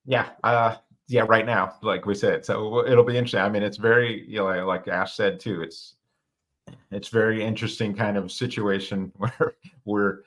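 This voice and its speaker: A man's voice: lowish voice, steady tone, moderate pace, a bit bright. A man co-hosting a podcast, speaking reflectively and thinking ideas through aloud. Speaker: podcast co-host. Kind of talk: casual discussion.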